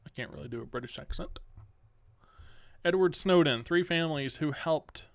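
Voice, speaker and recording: A man hosting a solo news commentary podcast, reading news items aloud and cutting in with sarcastic, exasperated remarks that jump up in pitch. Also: moderate pace, no echo, clean studio sound. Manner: reads news items, then rants sarcastically; exasperated outbursts with rising pitch. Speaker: podcast host.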